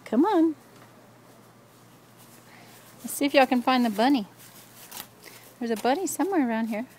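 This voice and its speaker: An older woman, a grandmother, with a fairly high voice, cheering children on as they play. She praises them readily and laughs easily. The home video is taken outdoors, with a light noise underneath. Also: animated, a little mellow. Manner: encouraging, quick to laugh. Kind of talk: playful chat with children. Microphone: home video camera.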